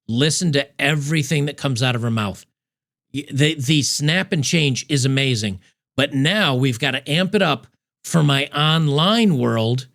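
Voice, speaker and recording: Gravelly man giving scornful commentary. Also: medium pitch, measured pace, a bit bright. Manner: emphatic, mocking, scornful. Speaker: commentary host. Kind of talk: reaction commentary on a video clip.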